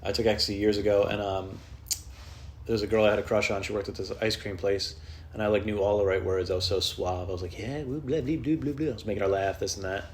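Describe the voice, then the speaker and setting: A man's voice: flat delivery, quick pace. A man who is a stand-up comedian, talking on his solo podcast at home in an off-the-cuff, self-mocking and profane way, telling rambling comic stories. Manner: jumps into high, loud put-on voices when quoting people.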